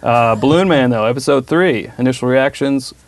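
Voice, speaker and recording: A man's voice: mid-range voice, moderate pace, a little hiss or hum. A man hosting a casual TV after-show podcast, upbeat and chatty, laughing easily. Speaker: host.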